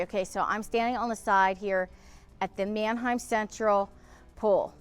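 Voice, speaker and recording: A woman's voice: mid-range voice, fairly even intonation, a little slow, clear, resonant tone, soft background music. A middle-aged woman, hosting a casual vlog outdoors beside an old pool and talking indignantly to camera. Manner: indignant, emotional, ranting. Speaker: vlog host.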